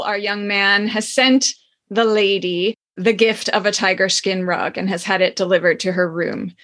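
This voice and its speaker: A woman's voice: medium pitch, a bit bright. A woman hosting a podcast, chatting playfully and reading a passage from a novel aloud. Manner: playful, laughs often. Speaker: podcast host.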